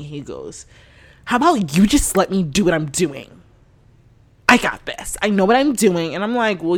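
Animated, profane young woman podcaster. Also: low-pitched. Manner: animated, profane, exasperated storytelling with laughs. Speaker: podcast host. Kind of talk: casual storytelling monologue.

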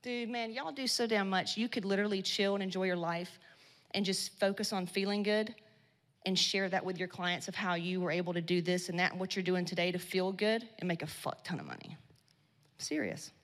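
Fairly quick and steady in tone, this medium-pitched woman addresses a live audience at a women's business event with a blunt, profane motivational talk. Expect slang, swearing and loud bursts, with long hall reverb on the recording.

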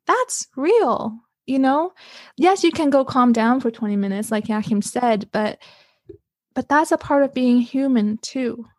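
A woman's voice: high voice, expressive, a little slow, no room sound, studio quality. A woman guest on a podcast, telling a story in casual chat with many restarts and repeated words.

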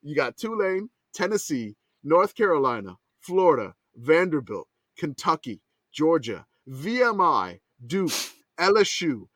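A man hosting a casual podcast chat, excitable, swearing and laughing as he talks. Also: fairly high pitch, measured pace, no room sound. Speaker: podcast host.

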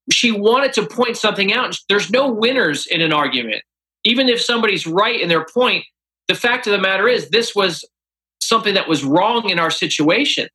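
A man's voice: high-pitched, lively intonation, normal speed, sharp tone, low-quality recording. A man, an author and interview guest, telling stories animatedly and acting out quoted dialogue. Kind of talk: interview storytelling.

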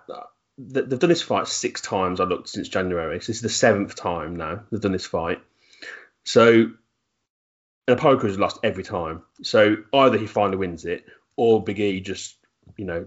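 A man co-hosting a podcast, explaining his reasoning in a measured way. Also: on the low side. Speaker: podcast co-host. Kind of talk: casual chat. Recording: dull lo-fi sound.

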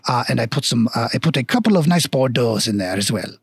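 A man's voice: mid-range voice, animated, fast, vocal fry, husky, no echo, studio quality, pitched below the performer's own voice, heavily acted. A man voicing a stout, fussy male dwarf innkeeper with an exaggerated fake French accent, polite and flowery. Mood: grateful.

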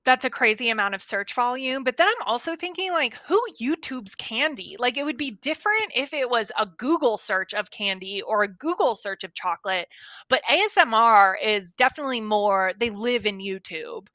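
A woman co-hosting a casual chat show, animated and thinking aloud as she reads out facts. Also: on the high side, normal speed, no room sound. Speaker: podcast co-host.

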